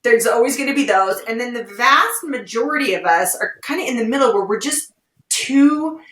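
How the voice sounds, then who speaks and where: Woman, podcast guest, expressive storyteller, bright tone, a bit distant from the mic. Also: fairly high pitch, moderate pace. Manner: expressive storyteller, animated retellings. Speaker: podcast guest, legal well-being director. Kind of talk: casual conversational interview. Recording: roomy, distant-mic sound.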